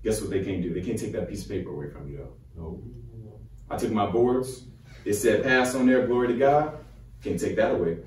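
A man in his twenties from Chicago with a Chicago accent, giving a motivational, preacher-like speech to high schoolers. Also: fairly quick, darkish tone, a little hiss or hum. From Chicago, USA. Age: 20s. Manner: fired-up, preacher-like call and response. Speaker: medical student speaking to high schoolers. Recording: roomy echo, from far off.

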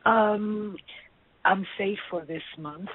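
A woman's voice: mid-range voice, slow pace, no echo. A woman calling into a talk show, friendly and a little hesitant. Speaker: caller. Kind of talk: casual phone call. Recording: phone-line sound.

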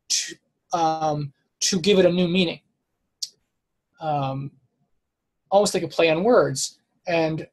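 A man giving a casual, unscripted scripture lesson, thinking aloud, stopping to correct himself and filling pauses with "um" and "like". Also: high voice, a little mellow, husky, rough recording. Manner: hesitant, self-correcting, thinks aloud with many fillers. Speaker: Bible study teacher.

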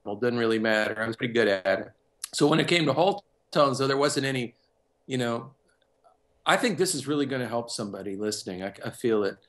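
A man's voice: medium pitch, lively intonation, brisk, a bit bright. A man who works as a music producer and composer, telling a personal story in a casual interview and acting out other people's lines as he goes.

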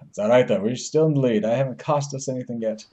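A man's voice: medium pitch, fairly quick, dark tone, husky. A young man casually commenting on his own online match as a gaming channel host, playful and self-mocking, often exclaiming in surprise. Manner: playful, exclaims "oh my goodness", chuckles at himself.

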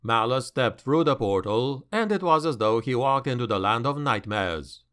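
A man narrating a dark fantasy audiobook in a measured, dramatic way. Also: medium pitch, expressive.

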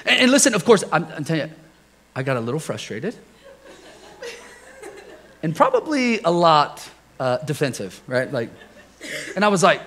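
A man preaching to a church congregation in a loose, joking style. His voice sits fairly high and swings widely as he tells stories, chuckling and tossing questions to the listeners. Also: sing-song, a little slow, long pauses, fairly bright tone, slight background noise. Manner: jokey, chuckles often, asks the congregation questions. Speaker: pastor. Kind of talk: conversational sermon with personal stories. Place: church service before a congregation.

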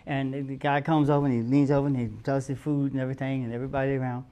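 A man's voice: medium pitch, rapid-fire, clear, resonant tone. A man telling a long anecdote in a TV studio interview, acting out the voices of people in his story and laughing often. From United States. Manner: animated, acts out quotes, laughs often. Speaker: guest musician. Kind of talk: casual storytelling.

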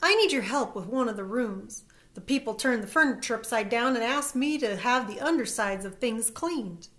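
A woman's voice: a little high, lively intonation, normal speed, a bit bright. A woman reading aloud, voicing a cheerful, fussy older grandmother. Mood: chatty. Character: warm chatty older grandmother.

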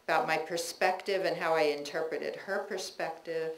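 A woman reading her own personal essays aloud to an audience in a bookstore, measured and reflective, with chatty asides between pieces. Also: low-pitched, steady tone. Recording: echoey room recording with faint ambience.

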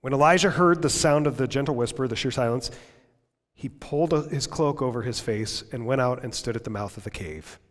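A pastor preaches a sermon in a mid-range male voice. He builds to loud peaks and then drops to near hushes for effect. Long reverb from the church hall rings after his words. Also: mid-range voice, brisk. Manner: dramatic, swings from loud to hushed.

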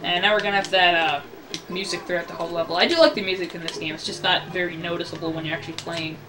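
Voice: mid-range voice, steady tone, racing, distant mic. Rambling let's-play gamer, noisy recording. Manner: rambling, self-correcting, jokey. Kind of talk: casual gameplay commentary.

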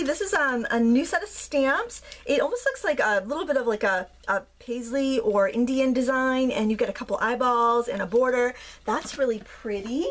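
A woman in her thirties unboxing and demonstrating art supplies, gushing and gasping with excitement, full of fillers. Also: a little high, brisk, a little hiss or hum. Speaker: craft YouTuber.

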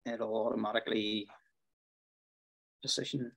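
A man walking viewers through building a website, talking in a relaxed way with fillers, over a video call. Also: on the low side, unhurried, gravelly. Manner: relaxed, thinking aloud with fillers. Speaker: web design instructor. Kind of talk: screen-share tutorial walkthrough.

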